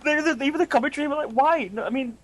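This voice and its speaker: A man in casual banter with friends, chatty and quick to laugh. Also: extremely high pitch, a bit bright.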